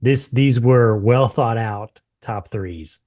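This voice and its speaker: A man's voice: mid-range voice, takes it slowly, dark tone. A man hosting a podcast in casual chat, teasing his guest and laughing often. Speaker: podcast host.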